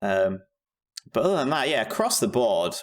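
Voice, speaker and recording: A man's voice: medium pitch, big pitch swings, moderate pace. A young man co-hosting a casual album review chat, talking with frequent ums and restarts. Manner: hesitant, lots of ums and restarts. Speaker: podcast co-host reviewing albums.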